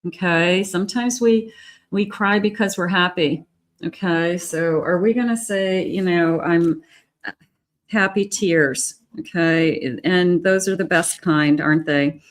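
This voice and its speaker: Low-voiced woman reading tarot cards. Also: slow. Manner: gentle, chatty, many fillers. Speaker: tarot reader.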